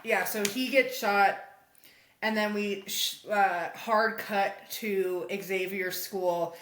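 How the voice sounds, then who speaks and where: A woman's voice: medium pitch, slow. A woman co-hosting a podcast, casually and animatedly recapping a comic and acting out the characters' lines. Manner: animated storytelling, acts out characters' lines, laughs often. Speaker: podcast co-host. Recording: echoey room.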